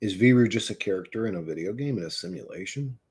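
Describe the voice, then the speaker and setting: A man's voice: fairly low pitch, lively intonation, fast talker, a little mellow. A man hosting a live stream, talking straight to his viewers in a heated, profane rant. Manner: swearing, heated, mocking; chats to viewers in the stream chat. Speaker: livestream host.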